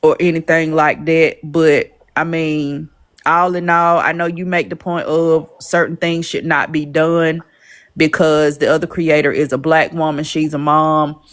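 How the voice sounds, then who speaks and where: A woman hosting a live-stream panel, speaking calmly and thoughtfully, with frequent pauses. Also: sits low. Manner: calm, measured, with frequent "um" pauses.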